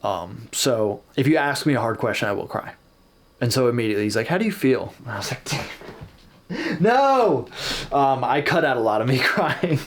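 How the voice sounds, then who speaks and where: A man's voice: medium pitch, a little fast, a little hiss or hum. A man hosting a casual reaction video, talking candidly and self-deprecatingly about his own match footage.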